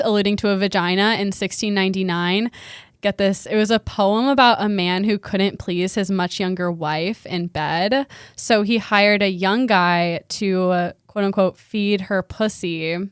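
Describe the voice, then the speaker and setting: A woman's voice: medium pitch, clean tone, dry recording, clean studio sound. A woman co-hosting a comedy podcast, explaining a topic in a chatty, casual way full of filler words. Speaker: podcast co-host presenting a topic.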